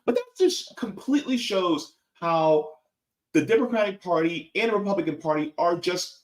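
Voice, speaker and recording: A man hosting a political livestream, talking casually and reading out chat comments, animated and sarcastic, jumping from loud outbursts to low mutters. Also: moderate pace. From United States.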